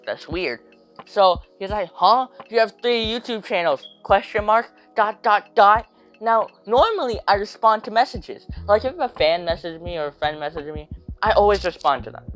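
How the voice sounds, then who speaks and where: A young man telling a rambling, slangy storytime rant, hopping into quick voices for quotes. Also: sits high, a bit bright.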